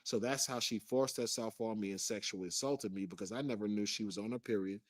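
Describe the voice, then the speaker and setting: A man's voice: on the low side, fast, dry recording. A man in a played clip recounting a personal story in earnest detail. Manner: earnest, detailed recounting, acts out quoted lines.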